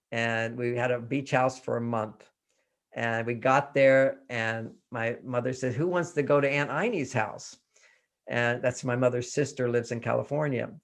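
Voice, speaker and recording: An older man telling personal stories and giving relationship advice in a live interview, animated and often laughing. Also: medium pitch, creaky. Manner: animated storyteller, acts out quotes, laughs often. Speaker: relationship author and guest.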